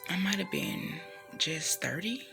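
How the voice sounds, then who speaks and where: Earnest gravelly-voiced woman in her thirties. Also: fairly low pitch, lively intonation, measured pace, bright, forceful tone, faint music behind. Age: 30s. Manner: earnest and emotional, with frequent "you know" fillers. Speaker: speaker sharing a personal testimony. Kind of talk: heartfelt personal testimony.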